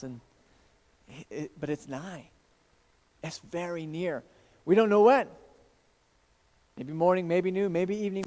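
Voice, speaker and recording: A man's voice: on the high side, darkish tone. A man, a pastor, preaching an earnest sermon to his congregation in a church. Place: church sanctuary. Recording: long church reverb.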